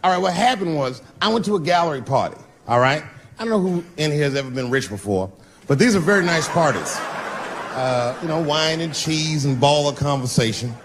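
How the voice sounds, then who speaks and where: Brief: a male stand-up comedian with a fairly high voice, animated and crude delivery. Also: fairly quick, background noise. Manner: animated, profane storytelling.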